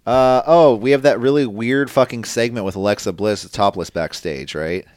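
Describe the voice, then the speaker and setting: A man co-hosting a casual wrestling podcast, animated and swearing freely, acting out what others said. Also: mid-range voice, normal speed, no room sound, clean studio sound. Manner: animated, swears, acts out quotes. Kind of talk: casual chat.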